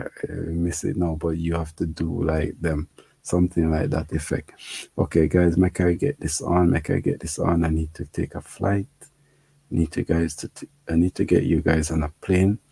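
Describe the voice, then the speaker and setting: Hosting a relaxed livestream, a Jamaican-accented man reads viewer comments, laughs and says things more than once. His voice is deep, creaky and mellow, with a breathy edge, and the audio has no echo.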